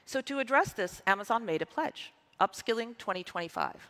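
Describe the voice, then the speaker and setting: A woman's voice: mid-range voice, animated, a little fast, a bit bright. Upbeat female keynote presenter, forties, emphatic delivery, large hall reverb. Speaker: conference presenter. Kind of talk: scripted conference keynote.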